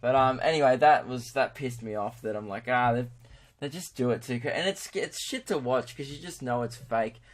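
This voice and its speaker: A man's voice: mid-range voice, moderate pace. Rambling Australian guy podcasting. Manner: rambling, crude, self-mocking. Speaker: podcast host. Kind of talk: casual podcast monologue.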